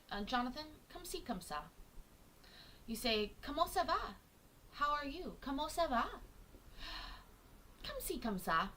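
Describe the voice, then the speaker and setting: A woman chats to her live viewers from a home kitchen, her voice high and bright. She jokes, teases herself and swears freely, but she talks slowly and takes her time. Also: a little hiss or hum. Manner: chatty, jokey and self-teasing, swears freely. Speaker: livestream host reacting to court videos. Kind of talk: casual chat to a live audience.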